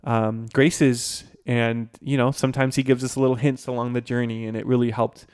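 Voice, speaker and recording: A man's voice: mid-range voice, little pitch movement, normal speed, darkish tone, clean tone. A young man co-hosting a podcast, telling a story in a casual, chatty, self-deprecating way with lots of fillers. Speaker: podcast co-host.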